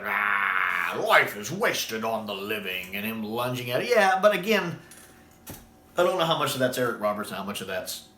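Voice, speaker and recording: A man's voice: medium pitch, reverberant. A man from the United States, enthusiastically discussing a sci-fi show in casual talk and acting out quoted scenes. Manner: excited, quotes scenes in acted voices.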